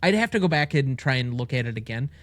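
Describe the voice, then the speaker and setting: A man co-hosting a podcast, picking apart a show's legal details in a measured, analytical way. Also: mid-range voice, sing-song, no echo. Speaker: podcast co-host. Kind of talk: casual TV recap chat.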